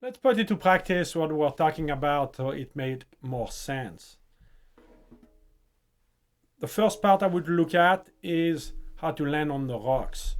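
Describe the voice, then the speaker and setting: A man gives a music lesson on rhythm, speaking slowly in short, unhurried phrases. His voice sits a little high for a man. He often chants rhythm syllables to show the timing. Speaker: music teacher. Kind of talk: instructional explanation.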